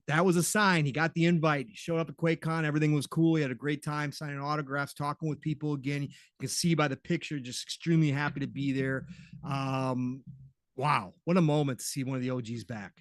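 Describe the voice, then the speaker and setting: An enthusiastic man co-hosts a casual gaming podcast, and his voice sits a touch higher than most men's. The sound is dry and close, with no room around him. He chimes in with quick agreement and talks over his partner. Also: no room sound. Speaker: podcast co-host.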